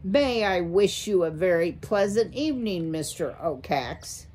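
A woman's voice: lowish voice, expressive, unhurried, a little mellow, a little hiss or hum. A woman playing a fawning, jittery father mouse. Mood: fawning, nervous. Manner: jaunty, flustered.

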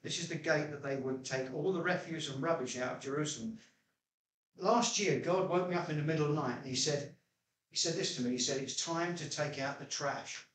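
Pastor preaching in an echoey church. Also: male voice, a little fast. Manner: chatty storytelling preacher, jumps to high pitch when quoting himself. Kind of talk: sermon. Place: church hall. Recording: echoey church room, mic at a distance.

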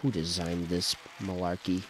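A man's voice: deep voice, flat delivery, moderate pace, heavy background noise. A young man giving casual let's-play commentary, talking to himself, frustrated and joking as he plays. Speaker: gaming video host.

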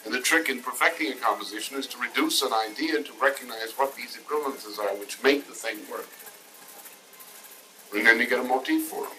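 Bright-toned man musing on music. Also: mid-range voice, brisk, slight background noise, rough recording. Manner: rambling, jumps between half-finished thoughts. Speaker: speaker in a recorded talk. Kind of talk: loose spoken lecture.

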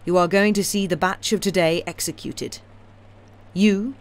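Cold deliberate revolutionary woman, storybook villain, read by a woman, raised and firm. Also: lowish voice, steady tone, voice pushed up. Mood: stern. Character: stern vengeful middle-aged woman revolutionary.

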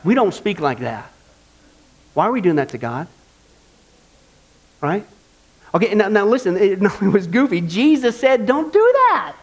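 A male pastor preaching a sermon in an animated, folksy way, often asking the congregation for agreement. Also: sits high, moderate pace, long pauses.

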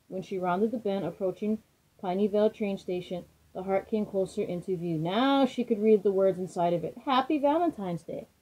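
A woman reading a children's storybook aloud in a gentle, expressive way. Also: mid-range voice, poor audio.

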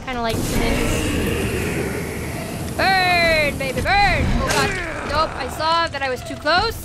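A woman commentating her own gameplay, excitable and prone to yelping and shouting at the game. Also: high-pitched, normal speed, very noisy. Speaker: let's play gamer. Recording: game music loud behind voice. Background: loud game music.

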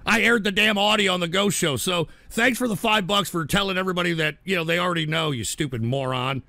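Profane high-voiced ranting male streamer. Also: fast, dry recording. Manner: profane, heated, swings into shouting. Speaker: livestream host reading donation messages. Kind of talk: angry ranting livestream talk.

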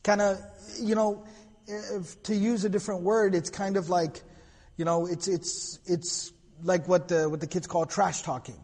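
Lecturer, man, higher voice, husky tone, storytelling style, hall reverb. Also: little pitch movement, a little slow, a little mellow. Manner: storytelling with Arabic quotes, casual asides. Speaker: lecturer on prophetic biography. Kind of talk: recorded lecture.

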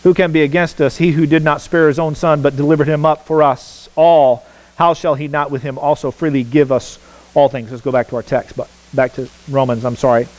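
A man's voice: fairly high pitch, little pitch movement, fairly quick, darkish tone, rough recording. A man preaching a sermon as pastor, emphatic, repeating words for stress and asking the congregation questions. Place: church sanctuary.

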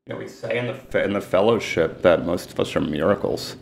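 A middle-aged man, a sports agent telling his story candidly in an interview, emphatic and retelling dialogue in rapid bursts. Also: deep voice, vocal fry, a little hiss or hum. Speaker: guest, sports and celebrity agent.

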